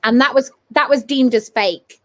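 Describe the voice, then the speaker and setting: A woman's voice: high voice, moderate pace, a little hiss or hum. A woman paranormal investigator telling her story in casual chat, eager and full of restarts. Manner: eager, restarts and repeats phrases.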